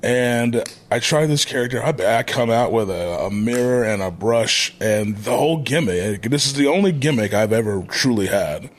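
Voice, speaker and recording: A man in his thirties, a wrestler as podcast guest, speaking in a measured, thoughtful way. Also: mid-range voice, animated. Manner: measured, deliberate delivery with frequent restarts. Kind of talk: thoughtful interview talk.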